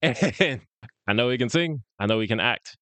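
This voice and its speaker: A man's voice: medium pitch, animated, normal speed, sharp tone, dry recording. A man co-hosting a podcast, chatting casually about fan casting and laughing often. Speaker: podcast co-host.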